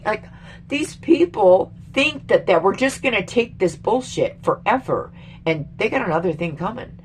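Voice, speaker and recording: A middle-aged woman from Canada rants heatedly into her own vlog, swearing and emphatic, her pitch leaping up when she gets exasperated. Her voice sits at a middle pitch, with a faint noise underneath. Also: animated, moderate pace. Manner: rambling with restarts and sudden jumps in pitch. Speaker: vlogger. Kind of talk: casual angry political rant.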